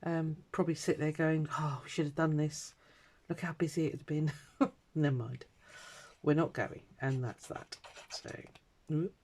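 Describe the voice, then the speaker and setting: A middle-aged British woman sits at her home craft desk vlogging, her casual chat rambling and dotted with ums and uhs. She speaks a little slowly in a low, a little mellow voice with fairly even intonation.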